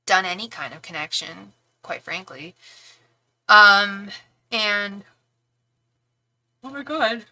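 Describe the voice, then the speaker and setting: A woman's voice: medium pitch, bright, forceful tone, rough recording. A woman giving a live-streamed tarot reading, chatty and reassuring, with lots of fillers and restarts and fond asides to the viewer. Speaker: tarot reader and psychic.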